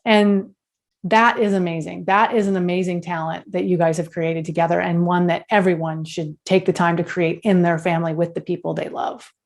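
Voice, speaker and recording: A woman's voice: lowish voice, fairly even intonation, fairly quick, gravelly, few pauses. A woman who coaches others on communication, a guest in an interview who makes her points in firm, emphatic statements. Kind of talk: interview guest, advice-giving.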